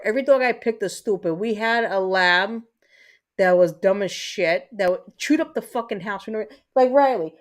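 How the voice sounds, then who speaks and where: Rambling, profane woman livestream host. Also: mid-range voice. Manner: rambling, profane, many fillers and restarts. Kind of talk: casual chat with viewers.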